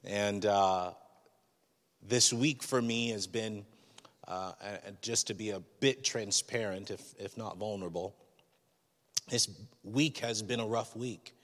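Male pastor, candid conversational sermon, low register, hall reverb. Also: measured pace, fairly bright tone.

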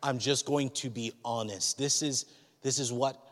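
A man's voice: mid-range voice, steady tone, unhurried, long reverb tail. A man preaching a sermon as a pastor, speaking in a candid, conversational and personal way.

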